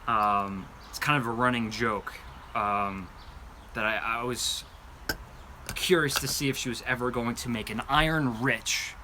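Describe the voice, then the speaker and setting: Guy on a live stream chatting about candles, bright voice, rambles a lot with lots of ums. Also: medium pitch, slight background noise. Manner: chatty, rambling, many fillers and restarts; enthusiastic, describing scents. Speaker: candle review channel host. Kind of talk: live-stream show-and-tell chat.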